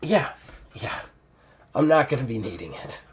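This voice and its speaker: A gentle, dying older woman mentor, as a male game master puts her on, speaking softly and calmly at an even pitch. Her hushed lines sit over a faint noise underneath. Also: unhurried. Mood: tender. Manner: soft, hushed, tender delivery.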